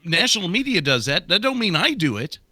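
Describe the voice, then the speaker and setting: A man's voice: high voice, big pitch swings, brisk, bright, forceful tone, dry recording. A man co-hosting a talk show, blunt and exasperated, swearing freely. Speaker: co-host. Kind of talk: casual talk show banter.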